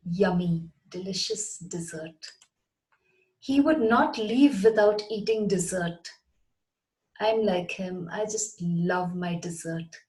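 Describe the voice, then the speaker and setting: Speaking to her channel's viewers, a female English teacher delivers a scripted lesson at an unhurried pace, spelling words letter by letter. Her mid-range voice has a darkish tone, captured in a low-quality recording.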